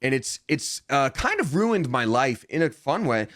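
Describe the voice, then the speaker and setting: Animated young male storyteller, dry sound. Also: normal speed, no echo. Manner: animated storyteller, acts out quotes, jumps in pitch. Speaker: guest, voice actor. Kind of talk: casual interview chat.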